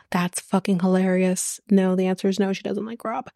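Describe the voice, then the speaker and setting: A woman's voice: medium pitch, level tone, fairly quick, vocal fry, hardly any pauses, warm tone, no room sound, clean studio sound. A woman hosting a podcast, recapping a reality show in a casual, sarcastic, blunt way with plenty of swearing. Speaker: podcast host.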